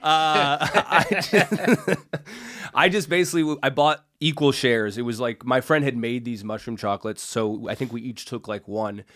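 A man tells a story as a podcast guest, rambling and cursing as he goes. His voice sits at a middle pitch. It is recorded dry, with no room sound around it. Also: a little slow, a bit bright, no room sound. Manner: rambling, full of "like" and swearing. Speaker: comedian guest.

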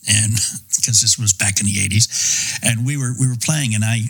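A man's voice: on the low side, normal speed, a bit bright, husky, poor audio. A middle-aged man who grew up in Boston and New York, a former radio host and podcast guest, telling golf stories in an easygoing, seasoned way. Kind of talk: casual storytelling.

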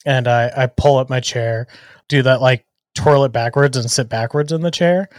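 A man's voice: medium pitch, moderate pace, dry recording. Young man player, laid-back joker, dry close sound. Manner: laid-back, joking, lots of "like" fillers. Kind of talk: casual tabletop play.

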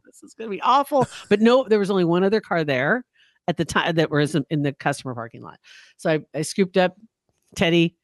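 Man, podcast co-host, casual storytelling, pitch jumping all over, dry close sound. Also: a little fast, dry recording. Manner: animated storyteller, acts out screams. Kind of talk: casual chat.

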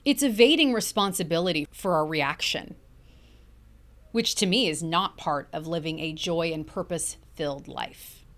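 A woman's voice: low-pitched, normal speed, fairly bright tone. A middle-aged woman hosting a motivational podcast, talking earnestly and emphatically and stretching key words for effect. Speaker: podcast host.

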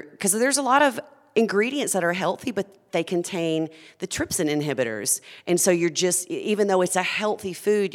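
A woman's voice: lowish voice, big-room sound. A woman who founded a food company, talking earnestly and with passion as a guest in a conversational interview.

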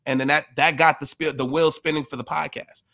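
A man hosting a podcast, telling his own story in an energetic, slangy way. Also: on the high side, brisk, creaky. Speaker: podcast host. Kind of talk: casual podcast conversation.

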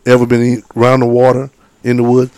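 A man's voice: medium pitch, completely flat delivery, quick pace, darkish tone, smooth, no room sound. A man, casually telling folksy outdoor stories as a guide and acting out the voices of the people in them. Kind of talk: casual storytelling chat.

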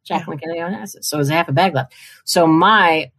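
Older woman guest, low voice, chatty anecdotes with acted-out voices. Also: fast talker, a bit bright. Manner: chatty, acts out quoted voices. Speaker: publishing marketing executive, guest. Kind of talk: casual storytelling in a conversation.

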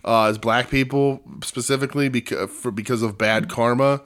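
A man's voice: mid-range voice, fairly even intonation, moderate pace, a bit bright. Profane, rambling podcast co-host man. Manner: profane, rambling, jokey impressions. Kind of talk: casual chat.

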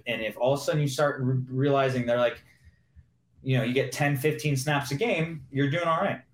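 A man's voice: medium pitch, moderate pace. A man, a former pro football receiver, chatting casually as a guest and acting out old locker-room talks while he explains plays. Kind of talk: casual sports chat. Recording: roomy echo.

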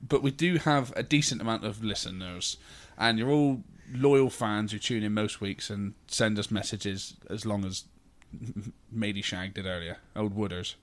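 Swearing podcast host, laughing. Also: male voice, lowish voice, normal speed. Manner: swearing, laughing, teasing co-hosts. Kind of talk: casual banter.

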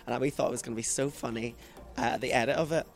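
A man's voice: mid-range voice, fairly even intonation, fast talker, vocal fry, soft background music. A Northern Irish man in his twenties, a drag performer telling stories as a guest in a casual interview. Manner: chatty, self-mocking storyteller.

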